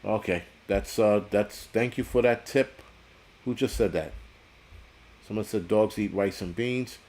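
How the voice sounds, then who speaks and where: A man with a lowish voice rants on a casual livestream, blunt and rambling. He swears constantly and answers viewer chat as he goes. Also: a little slow, darkish tone. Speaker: livestream host reading chat. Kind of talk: casual profane livestream rant.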